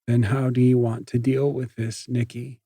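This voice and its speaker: A man voicing a perceptive teenage girl in an audiobook, with a husky voice. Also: mid-range voice, level tone, moderate pace, mellow, dry recording, studio quality, natural voice. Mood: subdued.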